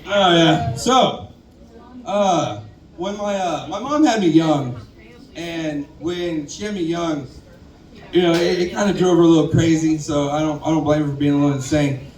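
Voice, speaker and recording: A man's voice: fairly high pitch, normal speed, a little mellow. A man, telling stand-up stories in a laid-back drawl on a saloon stage. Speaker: stand-up comic. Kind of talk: stand-up comedy set. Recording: roomy bar recording from far off with crowd.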